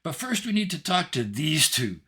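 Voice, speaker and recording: A man's voice: a little high, sing-song, normal speed, pushed and bright, voice pushed up. A man voicing a tiny, cheeky golden girl figure with a bubbly, tinkling voice. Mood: cheerful.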